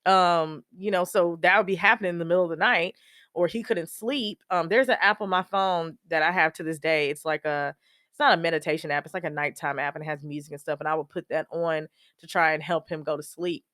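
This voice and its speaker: A young woman hosts her own podcast and talks through a painful family story. She is candid and emotional, with a somewhat low voice that jumps higher when she quotes others. The recording is dry and close to the mic, with no room sound. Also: steady tone, fairly quick, a bit bright, dry recording. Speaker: podcast host. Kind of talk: personal storytelling monologue.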